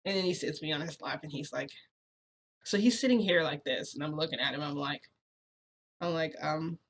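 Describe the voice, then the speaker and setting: A woman's voice: sits low, fairly quick. A woman vlogger telling a casual story, rambling and hesitant, with many fillers and restarts. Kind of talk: casual storytime about a shifting experience.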